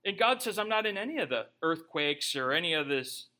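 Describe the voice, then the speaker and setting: A man's voice: on the high side, sing-song, fairly quick, bright, forceful tone. A man preaching a sermon in a conversational way, with joking asides. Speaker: pastor.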